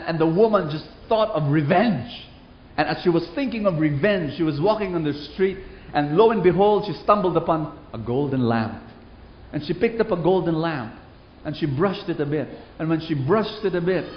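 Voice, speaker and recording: A man preaching and telling stories to a congregation, animated and asking for responses. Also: a little high, slight background noise. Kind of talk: sermon with storytelling. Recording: roomy, dull hall recording.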